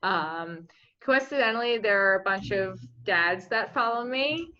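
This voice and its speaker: A woman's voice: medium pitch, lively intonation, measured pace, bright, forceful tone, muffled recording. A young woman guest in a casual interview, chatty and filler-heavy. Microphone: remote home mic.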